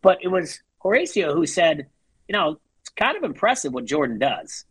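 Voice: mid-range voice, sing-song, normal speed, husky, no echo, rough recording. A podcast co-host in casual chat who builds an argument step by step, quoting people and telling listeners to think about it. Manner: argumentative, builds a point, quotes people, trails off quietly. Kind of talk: casual chat recapping a reality show.

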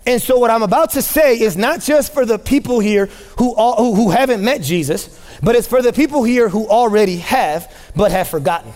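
A man with a strikingly high voice delivers a sermon to his congregation. He preaches with mounting fervor, hammering repeated phrases and climbing to shouts. A long reverb from the large church hall trails his words. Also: animated, normal speed. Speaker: pastor.

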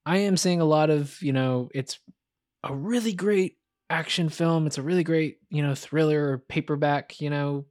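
A man's voice: fairly high pitch, normal speed, a little mellow, no echo, clean studio sound. Candid rambling podcast co-host, man. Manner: rambling, candid, heavy on fillers. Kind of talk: casual film chat.

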